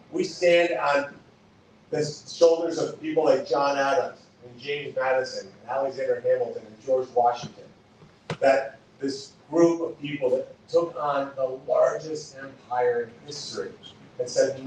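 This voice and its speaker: A man's voice: mid-range voice, darkish tone, slight background noise. A man giving a campaign stump speech. He talks emphatically, whose first language is Spanish, and repeats key lines for effect. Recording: echoey hall from far off.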